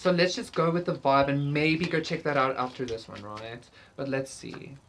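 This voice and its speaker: A woman with a low, deep voice talks through a tarot reading in a loose, rambling way. She curses casually and leans on fillers. A faint hiss sits under the recording. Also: normal speed. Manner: rambling, profane, lots of fillers, laughs often. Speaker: tarot reader.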